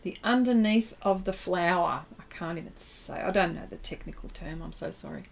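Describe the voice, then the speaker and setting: A woman teaching a livestream painting demonstration, chatting with viewers as she works and pausing often to find her words. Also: lowish voice, creaky. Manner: chatty, reads and answers viewer comments while working; halting, many fillers and restarts. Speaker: art instructor.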